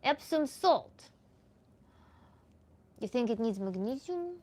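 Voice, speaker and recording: A woman with a Russian accent, a native Russian speaker, answering viewers live as a tantra coach in a relaxed, chatty way that is full of little laughs. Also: on the high side, slow pace. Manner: relaxed, chatty, laughs often, many "like" fillers. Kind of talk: livestream Q&A chat.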